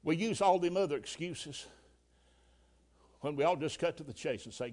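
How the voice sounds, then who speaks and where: A man preaching a sermon as pastor, folksy and colloquial, acting out the scripture quotes with lively drama. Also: fairly high pitch, moderate pace, long pauses.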